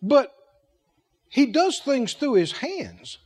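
A male preacher with a strikingly high voice delivers a sermon. His pitch leaps and dips all the time, and his lively phrasing pushes the room with rhetorical questions. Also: takes it slowly, husky.

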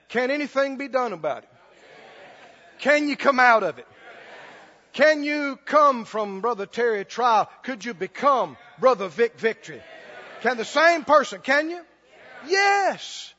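A man with a very high voice preaches with insistent repetition and quick laughs. His sermon rings through a hall with a long reverb, and the recording sounds dull. He hammers each point home. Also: pushed and bright. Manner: emphatic, repetitive, laughs often.

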